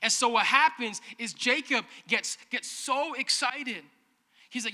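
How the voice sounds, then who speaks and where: A man's voice: extremely high pitch, measured pace, sharp tone, long reverb tail. A man preaching a sermon as pastor, joking in a conversational way and calling on the congregation to respond. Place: church auditorium.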